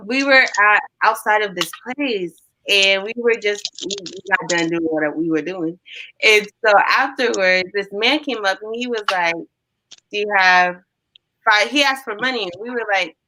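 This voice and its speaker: A young woman chatting casually, telling animated stories and acting out what people said. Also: medium pitch, moderate pace, a little hiss or hum, rough recording. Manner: animated storyteller, acts out quotes. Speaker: guest. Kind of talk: casual storytelling chat.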